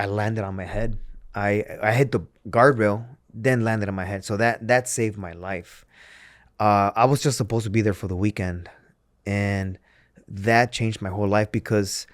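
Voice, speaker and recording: Man, interview guest, earnest and candid storytelling, lowish voice, dry sound. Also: clean tone, dry recording. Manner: earnest, candid retelling with frequent restarts. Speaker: podcast guest, former pro wrestler.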